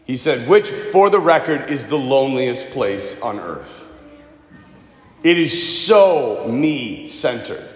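A man preaching a sermon, telling stories with lively quoted voices and drawing lessons for his congregation. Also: mid-range voice, slow pace. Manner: animated storytelling with put-on voices for quoted people. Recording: echoey hall with long reverb.

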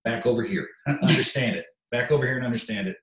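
A man's voice: mid-range voice, fast, reverberant, rough recording. A man speaking as a guest in an interview, plainspoken and openly emotional, often repeating himself. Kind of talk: conversational interview.

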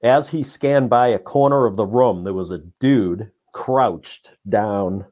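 A man in casual chat, telling a ghost story in a relaxed way with lots of "you know" fillers. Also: fairly low pitch, slow pace, highs cut off. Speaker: podcast guest.

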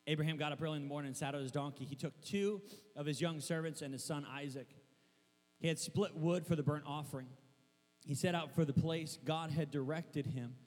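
Young male pastor, high voice, lively storyteller who shouts and laughs; recorded in a reverberant hall with mains hum. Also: a little fast. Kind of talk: sermon.

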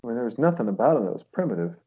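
A man hosting a casual chat, crude and joking, with loud interjections. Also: medium pitch, sing-song, very fast, breathy edge, lo-fi sound.

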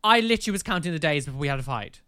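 A man's voice: a little high, animated, very fast, bright, forceful tone, clear, resonant tone. A man in a casual podcast chat, animatedly telling a personal story, quoting himself over and over and swearing freely. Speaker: podcast co-host.

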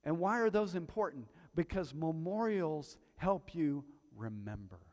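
A male pastor preaching in a church hall, his voice trailing into a long reverb. He sits a little higher than most men. He tells stories, dropping to quiet asides and then rising to loud, emphatic peaks. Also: expressive, unhurried. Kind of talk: sermon. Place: church hall before a congregation.

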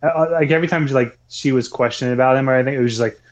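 A man's voice: mid-range voice, racing. A man co-hosting a casual movie podcast, rambling with lots of swearing and frequent laughter. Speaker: podcast co-host.

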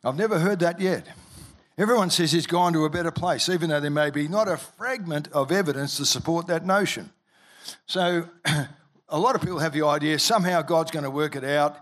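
A male pastor preaching a sermon, telling a story with frequent restarts and fillers, and rising in pitch and loudness when excited. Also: fairly quick. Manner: lively, rises in pitch and volume when excited.

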